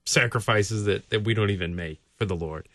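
A man's voice: on the low side, a little fast, dry recording, clean studio sound. A man, a pastor co-hosting a casual Bible-study chat, laughing easily and talking with animation. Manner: laughs easily, animated, reads scripture aloud. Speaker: pastor and co-host.

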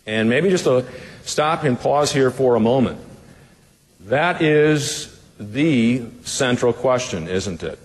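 A man's voice: mid-range voice, animated, takes it slowly, in a large hall. A man as pastor teaching a Bible passage in a conversational sermon, putting rhetorical questions to the listeners in a casual way with fillers.

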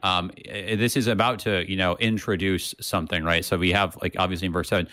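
A man's voice: sits low, fairly even intonation, fairly quick, bright, forceful tone, dry recording, clean studio sound. A man co-hosting a casual Bible discussion, thinking aloud with frequent restarts and checking in with "right?". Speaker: co-host of a Bible study podcast.

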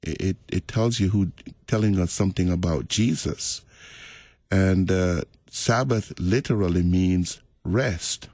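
A middle-aged man, a pastor, talking about faith in a relaxed, reflective, storytelling way. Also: low voice, unhurried, no room sound. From Jamaica. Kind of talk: casual faith conversation.

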